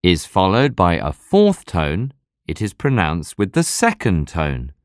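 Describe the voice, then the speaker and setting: A man giving slow, scripted narration as a language teacher, explaining pronunciation rules deliberately. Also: low-pitched, wildly swooping pitch, dry recording, clean studio sound.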